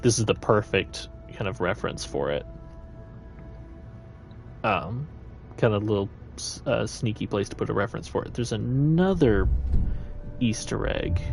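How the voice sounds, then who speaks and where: A man's voice: lowish voice, gravelly. A man chatting his way through a live gameplay stream, meandering and thinking aloud.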